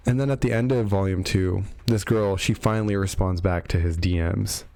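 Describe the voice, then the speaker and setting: A man's voice: low voice, fairly even intonation, moderate pace, darkish tone. A man casually recapping a game story for his video, with wry, sarcastic jokes and lots of fillers. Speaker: video host reviewing game lore. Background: faint background music.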